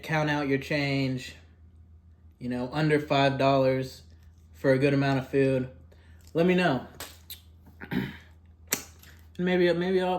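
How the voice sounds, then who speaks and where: A young man with a voice pitched a little above the usual male range, chatting loosely to camera about a cheap meal. He rambles, leans on fillers, and drifts between a mumble and a louder push. He sometimes talks with food in his mouth. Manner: eats while talking. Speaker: food vlogger. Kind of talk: casual eating vlog.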